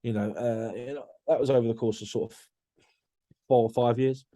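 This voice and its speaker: A man's voice: medium pitch, steady tone, a little fast, dark tone. A man talking candidly as a podcast guest, blunt and swearing freely, often restarting his sentences.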